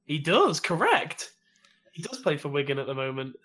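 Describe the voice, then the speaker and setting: A man's voice: a little high, big pitch swings, normal speed, bright, forceful tone. A man hosting a casual football quiz, calling on players and confirming their answers. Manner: calls names, confirms answers, lists teams. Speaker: quiz host.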